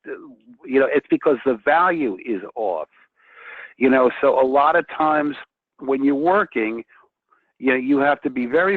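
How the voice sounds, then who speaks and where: A man speaking as a guest painter in a casual chat, excitable and often restarting his sentences. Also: medium pitch, no echo. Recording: tinny phone-like line, dry.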